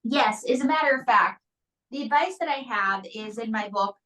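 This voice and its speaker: Bright-voiced woman telling jokey stories. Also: a little high, distant mic, low-quality recording. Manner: quick jokey storytelling. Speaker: ventriloquist guest. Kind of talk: comedic interview chat.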